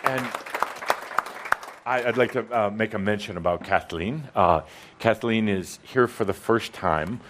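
A man with a fairly low voice hosts a live gathering, chatting loosely with his co-host. He rambles in a relaxed way, dotted with "uh"s, and a faint murmur of the audience sits behind him. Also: measured pace, crowd noise, background noise. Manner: chatty and relaxed, with many "uh" fillers. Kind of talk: casual chat with a co-host before a live audience. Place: gathering room with an audience present.

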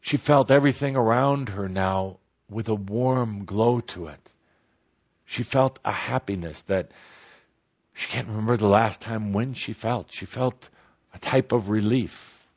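A man telling a story aloud in a slow, gentle way with pauses. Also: fairly low pitch. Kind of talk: spoken storytelling. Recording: dull lo-fi recording.

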